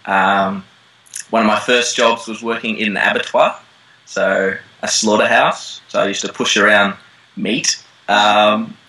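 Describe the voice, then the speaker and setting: Australian man, lowish bright voice, easygoing interview guest, loose rambling delivery. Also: measured pace, poor audio. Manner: relaxed, rambling with many ums and laughs. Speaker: actor guest. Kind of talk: casual interview chat. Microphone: call line.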